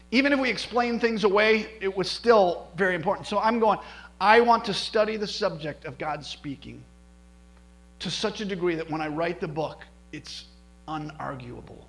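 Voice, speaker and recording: Middle-aged guy preaching, high bright voice, lively storytelling, little hum behind. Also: poor audio. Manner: storytelling, animated, many restarts. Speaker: pastor. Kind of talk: sermon testimony.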